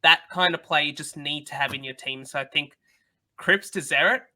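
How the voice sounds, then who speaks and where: Co-host with a keen, bright edge and higher voice; gives measured opinions, thinking aloud. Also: male voice. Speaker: podcast co-host and analyst. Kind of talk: casual podcast chat.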